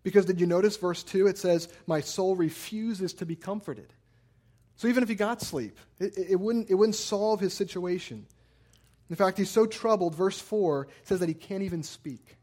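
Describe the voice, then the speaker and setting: At a normal speed, a man in his thirties delivers a sermon as a pastor, his voice sitting high with a darkish tone. Earnestly building his point, he often repeats words for emphasis and slips in stories along the way.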